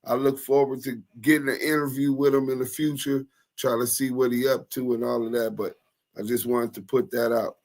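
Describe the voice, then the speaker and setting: A man's voice: mid-range voice, a little fast. A man co-hosting a casual chat, telling a story in loose slang and acting out the people in it. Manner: animated, slangy storyteller acting out quoted voices. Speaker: co-host.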